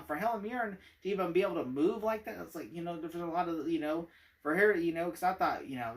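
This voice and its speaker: Male movie reviewer, higher-pitched voice, casual and rambling, lots of fillers. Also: distant mic. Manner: rambling, many fillers, laughs often.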